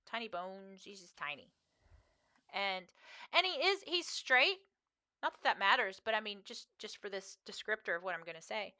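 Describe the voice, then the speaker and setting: A woman's voice: medium pitch, animated, moderate pace, bright, forceful tone. A woman streamer chatting casually with her viewers while playing a game, in a rambling, chatty way. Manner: chatty and rambling, talking to chat. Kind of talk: casual chat while gaming.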